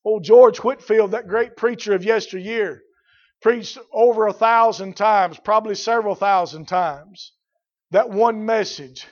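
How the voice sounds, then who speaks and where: A man preaching a sermon, swinging from loud shouts to quiet, drawn-out emphatic words. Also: high voice, muffled recording.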